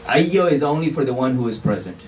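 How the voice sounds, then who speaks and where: Distant imam preaching, conversational. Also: male voice, medium pitch, sing-song, fairly quick, a little mellow. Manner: conversational, often saying "you know", sprinkled with Arabic phrases. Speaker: imam giving a sermon. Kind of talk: explanatory sermon. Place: mosque, seated on the pulpit. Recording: distant mic with faint background noise.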